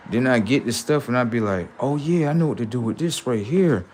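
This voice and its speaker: A man hosting a livestream, telling casual stories to his viewers in an animated way, swearing freely and acting out voices. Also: medium pitch, brisk, hardly any pauses, a little hiss or hum. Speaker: livestream host.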